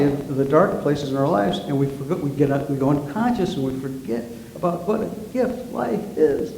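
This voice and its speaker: Man, sermon, conversational preaching, asks the congregation questions, warm tone, roomy church sound. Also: on the high side. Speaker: guest minister and author. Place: church sanctuary. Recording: roomy church sanctuary, faint noise.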